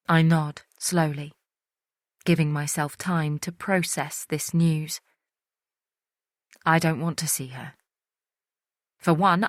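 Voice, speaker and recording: A woman with a lowish voice narrating a suspense audiobook in the first person. Her delivery is measured and introspective, recorded close with a dry, roomless sound. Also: steady tone, no echo.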